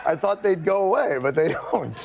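A male comedian guest trading excitable, animated comic banter. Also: sits high, brisk, gravelly, noisy background.

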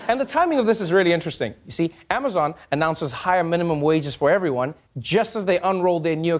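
A man hosting a late-night comedy show, delivering a stand-up monologue with an animated manner and mocking voices. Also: high-pitched. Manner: animated, slips into mocking voices for quoted people. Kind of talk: stand-up monologue before a studio audience. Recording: studio audience noise behind the voice. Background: studio audience laughing and cheering.

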